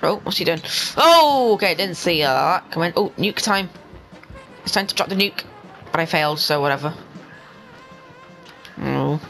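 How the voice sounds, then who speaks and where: A young man giving excitable let's-play commentary, talking to the game and to his viewers and bursting into yells. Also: a little high, moderate pace, vocal fry, long pauses, faint music behind, poor audio. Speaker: gaming channel host.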